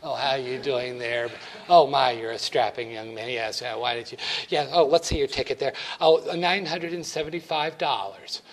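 A man's voice: medium pitch, normal speed, voice pushed down, close to an everyday voice. A man putting on Mabel, a fussy old cashier lady. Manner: fussing, doting, patronizing. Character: fussy older woman cashier named Mabel, chatty.

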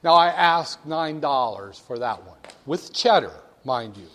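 Lecturer putting on a male burger server, salesy, drawling, slightly high voice, echoing in a long reverb. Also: animated, fairly bright tone. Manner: slow, drawn-out sales pitch.

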